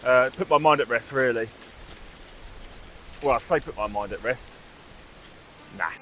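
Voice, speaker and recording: A man's voice: medium pitch, measured pace, fairly bright tone, a little hiss or hum. A man metal detecting outdoors, chatting playfully to camera and mock-scolding his finds. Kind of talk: casual talk to camera while detecting. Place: outdoors in a field.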